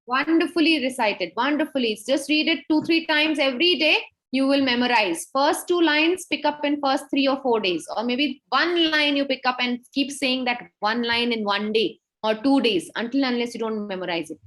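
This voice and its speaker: A woman teacher with an Indian English accent, leading children through a scripture recitation on a video call, saying verses slowly for them to repeat. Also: high voice, a bit bright.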